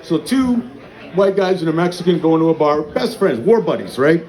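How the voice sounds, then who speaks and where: A man's voice: fairly high pitch, expressive, normal speed, a little mellow. A man doing a crude stand-up set at an open mic night in a small bar, telling stories and acting out dialogue. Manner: crude, profane storytelling with acted-out dialogue. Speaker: stand-up comedian. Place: small bar with a live audience. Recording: echoey room, audience noise. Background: crowd reacting.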